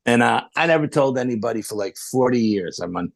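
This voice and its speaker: A man, a podcast guest telling a story in a lively way and acting out what the people in it said. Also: medium pitch, brisk, vocal fry, no room sound. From New York. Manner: animated, acts out the voices of people in his stories. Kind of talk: storytelling in a casual interview.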